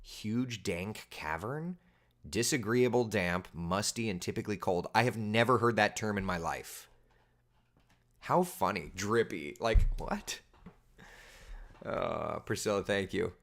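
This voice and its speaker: Animated man in his thirties, casual chat. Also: lowish voice, slow, creaky. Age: 30s. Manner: animated, exaggerated incredulous asides. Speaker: weather host. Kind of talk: casual livestream chat reading viewer comments.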